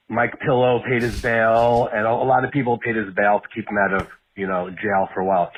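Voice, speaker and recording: A man on a call-in line rambles hesitantly through his question. His voice is husky and mid-pitched. The sound is a thin phone line. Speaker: caller.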